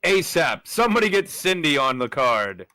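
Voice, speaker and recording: A man's voice: a little high, very animated, normal speed, bright, forceful tone, no room sound. A man co-hosting a gaming stream, chatting casually and often restarting his sentences. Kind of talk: casual chat while playing.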